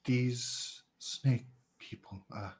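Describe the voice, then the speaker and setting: A man voicing a blind old man in a tabletop game, speaking softly and hesitantly. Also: mid-range voice, fairly even intonation, breathy edge. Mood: wary, quiet. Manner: hushed, hesitant, halting. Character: blind old man, wary and soft-spoken.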